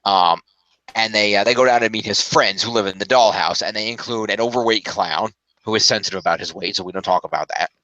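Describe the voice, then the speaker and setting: A man's voice: on the low side, brisk, sharp tone, no room sound, rough recording. A man chatting casually as a film reviewer, rambling and correcting himself as he goes. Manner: rambling, self-correcting, upbeat.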